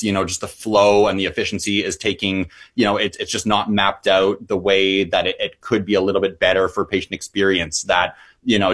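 A man's voice: sits low, a bit bright. A man who works as an emergency physician, answering interview questions eagerly with frequent restarts.

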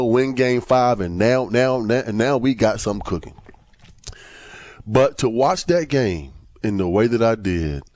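A man talking sports casually in a lowish voice, incredulous and stammering, jumping up in pitch when something amazes him. The recording is dry and close. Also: darkish tone, no room sound. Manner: incredulous, stammering restarts, rises sharply when stressing points. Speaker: podcast co-host.

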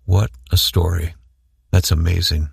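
A male interview host gently guiding his guest with probing questions. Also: low voice, level tone, unhurried, vocal fry, husky, no room sound. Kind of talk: conversational interview.

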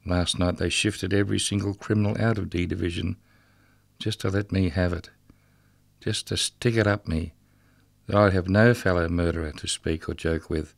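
A man's voice: low voice, fairly even intonation, moderate pace, gravelly, dry recording, voice pushed down. A man reading a rhythmic dramatic monologue as the ghost of a murdered, drunken prison guard, bitter and mocking. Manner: rhythmic, incantatory delivery.

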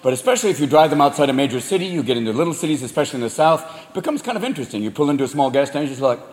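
A man doing stand-up comedy, animated and profane, acting out voices before a live audience. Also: medium pitch, rapid-fire, slight background noise. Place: large venue with audience. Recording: echoey live venue, loud crowd laughter.

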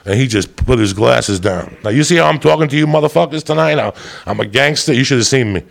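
A man doing profane stand-up, telling a story in a loud, brash, rambunctious way and swearing constantly. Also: mid-range voice, animated, quick pace, vocal fry. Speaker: stand-up comedian.

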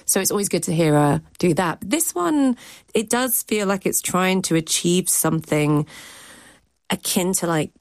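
A woman's voice: on the low side, lively intonation, a little slow, dry recording. A woman critic and cultural commentator giving chatty, frank opinions on a radio show.

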